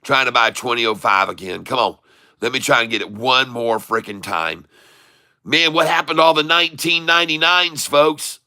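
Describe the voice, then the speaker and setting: A man streaming his live day-trading, excitable, calling out prices over and over and taunting short sellers. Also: mid-range voice, moderate pace. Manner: addresses viewers as folks, taunts short sellers.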